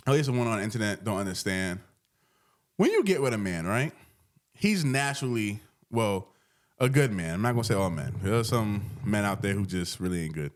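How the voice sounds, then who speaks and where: Laid-back man with a low voice, co-hosting a podcast. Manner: relaxed conversational, storytelling with slang. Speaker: podcast co-host. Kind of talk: casual chat.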